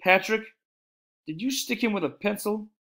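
Man playing an irritable headmaster, high and loud, barking orders. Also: moderate pace. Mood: stern. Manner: loud, stern scolding. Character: irritable male school headmaster.

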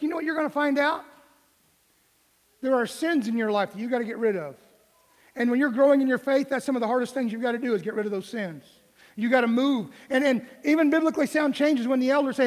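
A man's voice: extremely high pitch, long reverb tail. A middle-aged male pastor preaching a folksy, conversational sermon in a church, with light humor. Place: church sanctuary.

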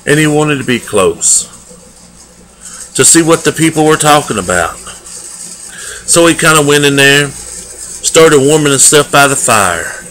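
A man giving a daily devotional, earnest and homespun in manner, with loose everyday grammar and drawn-out emphatic phrases. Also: medium pitch, pushed and bright, a little hiss or hum, low-quality recording. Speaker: lay preacher. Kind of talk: folksy daily devotional sermon.

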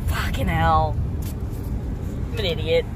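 A woman hosts her own pipe-smoking video show with a slightly low voice. She chats casually and meanders, full of fillers and quick to poke fun at herself. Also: heavy background noise. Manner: rambling and self-mocking, many fillers. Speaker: pipe-smoking vlog host. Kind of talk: casual chat to camera.

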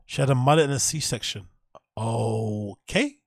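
A man's voice: mid-range voice, a little slow, no echo, studio quality. A man hosting a stream, giving blunt, profane reaction commentary on comedy clips and laughing often.

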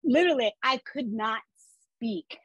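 A woman's voice: on the high side, animated, measured pace, a bit bright, breathy edge, no room sound, highs cut off. A woman guest on a podcast telling her personal story, acting out the voices of the people in it.

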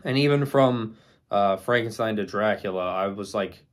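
A man's voice: lowish voice, normal speed. A young man talking casually about old monster movies, rambling with many ums and likes. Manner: rambling, many fillers and restarts. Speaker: movie reviewer. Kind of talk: casual movie ranking talk.

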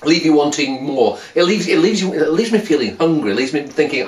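A man's voice: a little high, expressive, a little fast, few pauses, distant mic. A man chatting casually as he tastes and reviews wines, wry and full of asides and restarts. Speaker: wine reviewer. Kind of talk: casual wine tasting video. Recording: roomy sound, voice a bit off mic.

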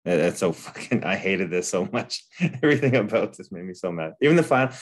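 A man's voice: deep voice, animated, a little fast. Laughing, cursing man ranting. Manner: profane, laughing rants. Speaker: manga podcast host. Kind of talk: casual chat review.

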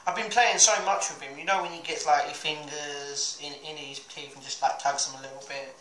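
A young man vlogs to the camera in a casual, rambling way, chatty, scattered and self-mocking, even talking to his dog. His voice is fairly high with fairly even intonation, brisk and sharp in tone. The room is echoey, with faint noise.

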